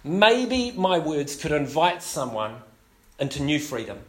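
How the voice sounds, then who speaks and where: Animated New pastor preaching. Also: male voice, on the high side, a little slow. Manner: animated, self-deprecating, many fillers. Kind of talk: sermon with humorous storytelling.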